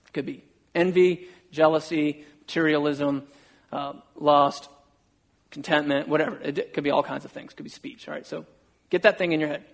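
A man's voice: on the high side, fairly even intonation, moderate pace, gravelly. A middle-aged male pastor giving a casual, self-deprecating sermon and acting out quoted conversations.

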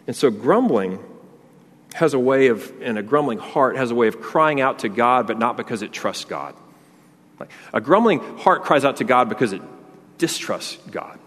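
A man's voice: mid-range voice, expressive, moderate pace, a bit bright, breathy edge. Male pastor preaching in a reverberant hall. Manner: conversational preaching with repetitions and restarts. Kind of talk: sermon. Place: church sanctuary. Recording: long reverb of a large hall.

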